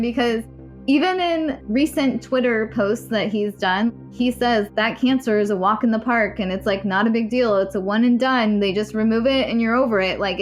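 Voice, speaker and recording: A woman's voice: mid-range voice, a bit bright. Candid woman telling a painful story. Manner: earnest, emotional, swears now and then. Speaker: guest recounting a personal story.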